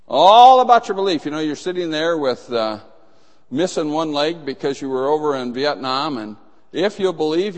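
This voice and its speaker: A man preaching a sermon, emphatic, acting out the dialogue of the people in his story. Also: a little high. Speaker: pastor. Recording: long hall reverb.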